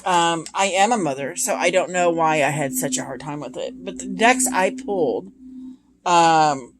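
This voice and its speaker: A woman's voice: lowish voice, moderate pace. A woman in her thirties chatting casually and gushing about her tarot decks, with many ums. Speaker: tarot deck reviewer. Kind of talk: casual chat. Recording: noisy home recording.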